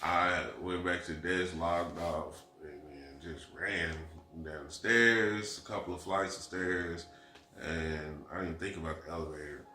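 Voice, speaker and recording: Very deep-voiced young man, echoey room. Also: steady tone, measured pace, pushed and bright, soft background music. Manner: rambling, earnest retelling with quoted dialogue. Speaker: husband co-hosting the vlog. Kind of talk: casual storytime chat.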